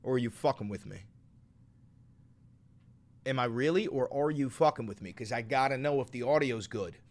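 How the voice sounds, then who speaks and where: A man's voice: mid-range voice, normal speed. Joking, swearing livestream host, man. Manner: loose and joking, swearing, talks to chat; swings from loud to quiet. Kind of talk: casual livestream chat. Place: home room. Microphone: studio microphone.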